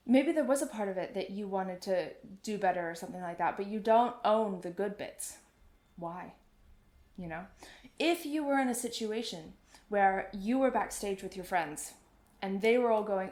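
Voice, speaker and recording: Young woman host, mid-pitched, chatty and earnest, recorded with a roomy echo. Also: moderate pace, darkish tone. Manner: chatty and earnest, acts out nervous quotes in a higher voice. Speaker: podcast host, oboist and performance coach. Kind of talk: solo podcast talk.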